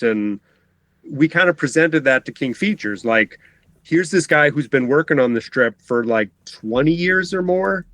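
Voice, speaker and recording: A man's voice: mid-range voice, lively intonation, a little slow, a bit bright, dry recording. A middle-aged man talking as a cartoonist guest in a casual interview, rambling, often breaking off mid-sentence and laughing. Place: home basement.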